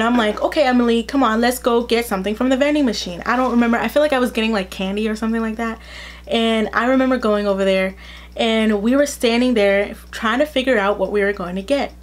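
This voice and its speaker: A woman's voice: on the high side, brisk. A young adult woman telling a casual storytime, chatty and full of "like", acting out the lines she quotes. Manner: chatty, fills speech with "like". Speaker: vlogger.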